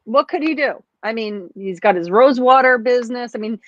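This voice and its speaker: A woman's voice: fairly high pitch, moderate pace, no room sound. Blunt ranting woman on a dull dry mic. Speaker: podcast co-host. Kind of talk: casual podcast chat.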